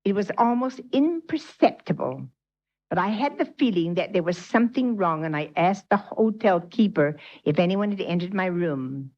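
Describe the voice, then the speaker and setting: A woman's voice: lowish voice, expressive, moderate pace. A woman, a spiritual teacher, reads a story aloud to her class and breaks off to quiz her listeners. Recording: dull lo-fi 1980s tape.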